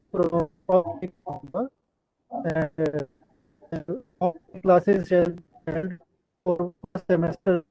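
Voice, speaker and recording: A male university professor, speaking haltingly with many pauses over a video call. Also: sits high, dry recording. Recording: dry dull breaking call audio.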